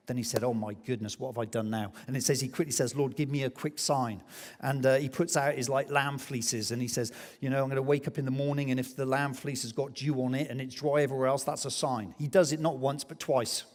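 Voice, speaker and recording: A man preaching a sermon as pastor, telling a story with lively acted-out quotes. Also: mid-range voice. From England. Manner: animated storytelling, acts out quoted voices. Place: church hall. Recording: long hall reverb.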